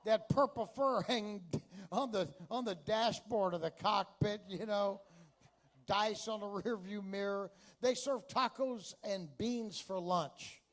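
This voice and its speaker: Brash high-voiced comedian from Texas. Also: male voice, slow. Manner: brash, crude punchlines, chatty asides. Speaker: stand-up comedian. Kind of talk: stand-up comedy routine.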